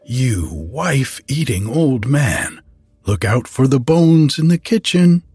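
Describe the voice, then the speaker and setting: A cunning male badger in an old woman's disguise, as a man puts him on for a storybook reading. His voice climbs above the narrator's usual register, and he stretches his words out slowly and tauntingly. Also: mid-range voice, huge pitch swings, a little mellow, husky, dry recording, clean studio sound, soft background music, voice pushed up, heavily acted. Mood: mocking.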